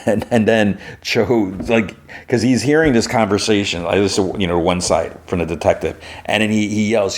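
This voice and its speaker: A man's voice: on the low side, fairly even intonation, moderate pace, hardly any pauses. Rambling man recapping a show. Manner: rambling, filler-heavy storytelling that acts out the characters. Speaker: podcast host. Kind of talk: casual episode recap.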